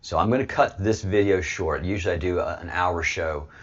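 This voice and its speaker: A man with a deep, low voice hosts his online show in heated commentary, hammering points and stumbling over repeated words. The sound is dull and lo-fi. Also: fairly quick, breathy edge. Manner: emphatic, repeats words while pushing a point. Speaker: host of an online video show.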